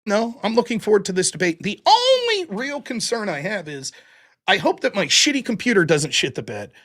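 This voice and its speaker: A man's voice: high voice, a bit bright. A man hosting his own live stream, talking casually to his audience in a blunt, rambling way with some mild profanity. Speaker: livestream show host.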